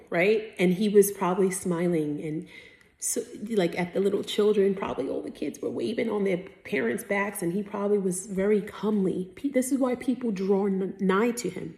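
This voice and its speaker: A woman's voice: medium pitch, gravelly, reverberant. A woman in her thirties giving a casual devotional talk, telling a personal story and speaking to her listeners as family. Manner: warm, chatty storyteller who addresses listeners as family. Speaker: faith vlogger teaching her community.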